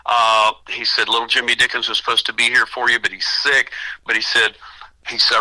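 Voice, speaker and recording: A man's voice: medium pitch, level tone, fairly quick, pushed and bright, low-quality recording. An older man, a singer guest, telling rambling stories in a casual radio interview, often acting out what others said. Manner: rambling anecdotal storyteller with restarts and quoted voices.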